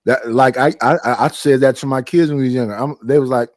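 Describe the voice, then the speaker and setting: A man's voice: mid-range voice, fast talker, hardly any pauses, dry recording, clean studio sound. A middle-aged man hosting a casual live-stream chat, telling stories emphatically with lots of repetition. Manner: emphatic, animated storytelling with frequent repetitions. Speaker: stream host.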